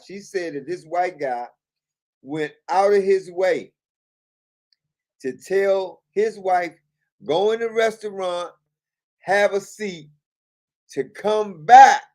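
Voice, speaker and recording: A man's voice: on the high side, a little mellow. A man hosting a live stream, chatting casually about viral clips, laughing often and repeating himself. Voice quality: laughs often while talking, repeats phrases. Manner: loose, amused, chatty.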